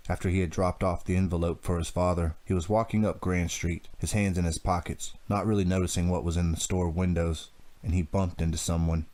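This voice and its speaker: A man narrating a teen thriller audiobook in a steady, measured reading. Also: deep voice. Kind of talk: scripted narration.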